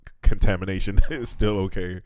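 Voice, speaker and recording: A man's voice: deep voice, fairly even intonation, brisk, darkish tone, no echo. A man in his thirties co-hosting a casual podcast, swearing freely and acting out what people said. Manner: profane storyteller, acts out quoted voices. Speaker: podcast co-host. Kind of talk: casual chat. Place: lives in Fukuoka, Japan.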